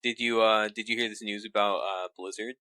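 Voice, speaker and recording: Low bright guy on a podcast, stops and starts a lot, dry close sound. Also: steady tone, no echo. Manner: halting, many "uh" pauses, teasing. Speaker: podcast co-host. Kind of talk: casual chat.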